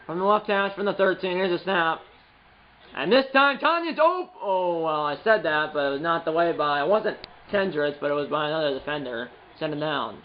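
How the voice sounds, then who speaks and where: A man giving rambling play-by-play commentary on his own video game, correcting himself often and bursting into excited calls. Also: on the high side, moderate pace, highs cut off. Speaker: gaming channel host. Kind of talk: play-by-play commentary while playing.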